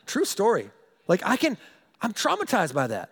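A middle-aged man, a pastor, telling a funny personal story in a sermon, animated and self-mocking, often repeating his words. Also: sits high, moderate pace, slightly rough.

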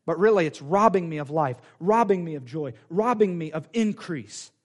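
Fervent preacher, high voice. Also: male voice, moderate pace. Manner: animated preaching, acts out quoted voices, repeats phrases. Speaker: pastor. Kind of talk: sermon. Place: church sanctuary.

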